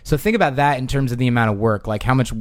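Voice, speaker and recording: A man's voice: mid-range voice, racing, dry recording, clean studio sound. A male podcast co-host in casual panel chat, argumentative and fond of analogies.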